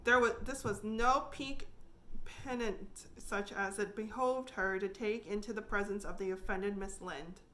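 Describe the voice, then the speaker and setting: A woman librarian reading a classic novel aloud, clear and expressive with small restarts. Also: medium pitch, normal speed. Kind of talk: storybook read-aloud.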